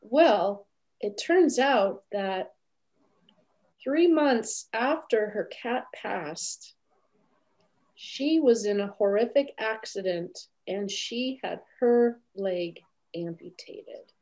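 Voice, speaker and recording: A woman guest telling a story in an interview over a video call, lively and acting out what others said. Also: medium pitch, very slow. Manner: animated, acts out quoted voices. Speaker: animal communicator guest.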